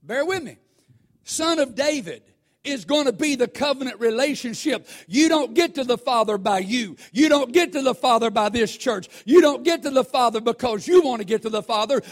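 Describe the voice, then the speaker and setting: A man preaching a sermon, talking conversationally to the congregation and swelling into shouts. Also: extremely high pitch. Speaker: pastor.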